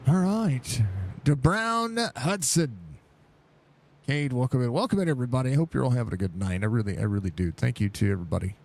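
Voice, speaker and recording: A man's voice: medium pitch, racing, vocal fry, few pauses. Chatty male sim racing streamer. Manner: chatty, greets viewers by name between race calls; excited outbursts at crashes. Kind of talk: casual live-stream race commentary.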